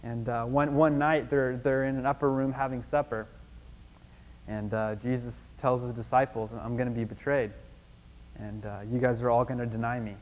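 A man preaching in a casual storytelling way, with frequent fillers and restarts. His voice sits at an ordinary pitch and carries a long hall echo. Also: steady tone, normal speed. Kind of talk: sermon.

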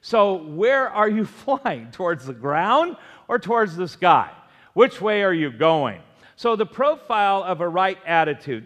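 Guy preaching, high voice, emphatic, lots of long echo like a big church. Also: fairly bright tone. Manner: emphatic preaching with call-and-response prompts. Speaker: pastor. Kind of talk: sermon. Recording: long hall reverb.

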